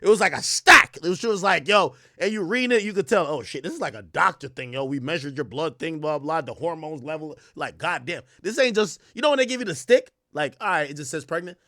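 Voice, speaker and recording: A man's voice: on the high side, brisk, hardly any pauses, no echo, clean studio sound. A young adult man telling a long personal story in casual, profane streamer talk, acting out the voices of people he quotes. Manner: animated, swears a lot, acts out quoted voices.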